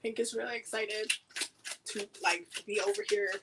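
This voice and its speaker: A woman's voice: mid-range voice, steady tone, normal speed, noisy background. A woman hosting a live oracle card reading, talking in a loose, slangy, chatty way with lots of fillers and repeated words. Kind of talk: casual livestream chat during card pulls.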